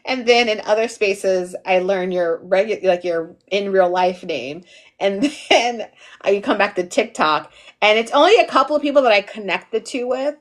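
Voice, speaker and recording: This woman, a tired instructor in her forties, has a mid-range voice at normal speed. She hangs out casually with livestream viewers, reading out their names, giggling often, and acting goofy.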